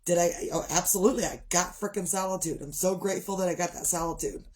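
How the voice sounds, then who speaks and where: A woman's voice: fairly low pitch, fairly even intonation, fast, a little mellow, slight background noise. A middle-aged woman chatting casually on a livestream, tired, rambling and sighing as she talks. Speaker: livestream host. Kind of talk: casual chat.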